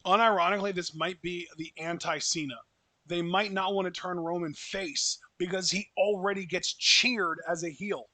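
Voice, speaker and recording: A man co-hosting a podcast, chatting casually in a matter-of-fact way. His voice is high and bright, and the sound is dry with no room echo. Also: steady tone, moderate pace. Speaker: podcast co-host. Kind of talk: casual chat.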